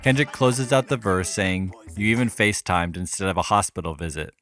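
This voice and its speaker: A man hosting a podcast, reading a scripted music analysis in a measured, even way. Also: low voice. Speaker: podcast host.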